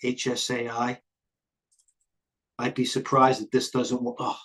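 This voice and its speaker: This trading stream host, a middle-aged man, speaks in a mid-range, monotone voice with a fairly bright tone. His live market commentary rambles between tangents, blunt and fast-thinking, with occasional cursing.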